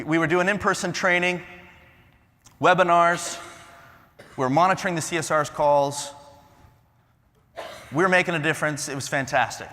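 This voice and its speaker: Animated man speaking in a big echoey hall. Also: on the high side. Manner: animated, quizzes the crowd, swings from loud to hushed. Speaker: motivational conference speaker. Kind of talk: energetic keynote talk to a live audience. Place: large conference hall, on stage.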